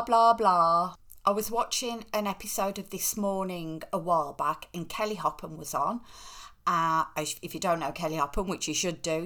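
A woman's voice: lowish voice, fairly bright tone. A middle-aged woman hosting a casual solo talk on interior decor, chatty and opinionated, with self-mocking asides.

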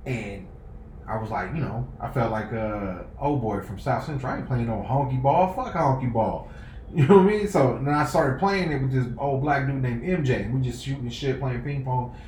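A man telling a story in loose, profane podcast chat, jumping into loud voices for what people said. The room is echoey. A faint hiss sits under him. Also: mid-range voice, normal speed. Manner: animated, profane, acts out quoted lines loudly. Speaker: podcast co-host. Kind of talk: casual group chat, storytelling.

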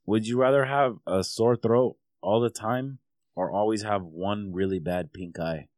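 A man's voice: on the low side, measured pace, a little mellow, no echo, studio quality. A man hosting a podcast with a sore throat, telling crude jokes and stories in casual chat. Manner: crude, jokey storytelling. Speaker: podcast host.

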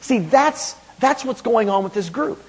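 Casting: husky-voiced male pastor, high, lively delivery, emphatic sermon style. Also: a little slow. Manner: animated, emphatic preaching with quotes and asides.

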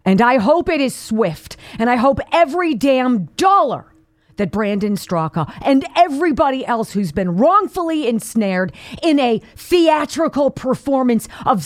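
A woman's voice: fairly high pitch, no echo. A woman hosting a talk radio show, delivering an indignant opinion monologue full of rhetorical questions. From Pittsburgh area.

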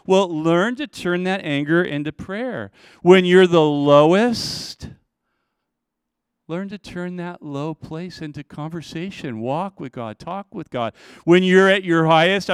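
A middle-aged man preaching a conversational sermon as a pastor, often acting out prayers in a soft, intimate voice. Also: sits high, clear, resonant tone, no echo, studio quality.

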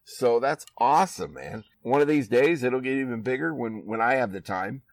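A man's voice: mid-range voice, lively intonation, normal speed, creaky, dry recording, far from the mic, poor audio. A laid-back man from Iowa hosts a casual podcast from a backyard. He chats loosely and laughs often, and the sound is dry and close. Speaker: podcast host. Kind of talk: casual chat. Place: outdoors in a backyard.

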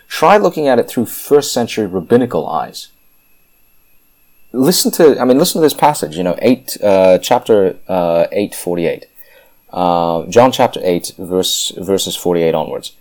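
A man with a very deep, low voice delivers fervent Bible commentary. He hammers his points home emphatically and often restarts his sentences. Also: expressive, normal speed, darkish tone. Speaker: Christian commentator.

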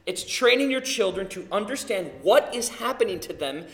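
A man in his thirties preaching a sermon, telling family stories with lively acted-out quotes. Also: high-pitched, normal speed, reverberant. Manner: animated storytelling, acting out quotes. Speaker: pastor.

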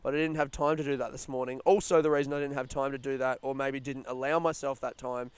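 A young Australian man hosting a casual solo podcast outdoors, rambling through stories in a chatty, rushed way. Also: medium pitch, level tone, clean tone, no echo. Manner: rambling, chatty, retelling stories with quoted voices. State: yawning, a bit rushed. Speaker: podcast host. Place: outdoors in a smoking area by a housing estate.

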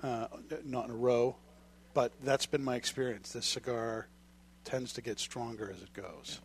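A man co-hosting a podcast, telling stories in a relaxed, chatty way. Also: medium pitch, normal speed, breathy edge. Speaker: podcast co-host. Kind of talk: casual chat.

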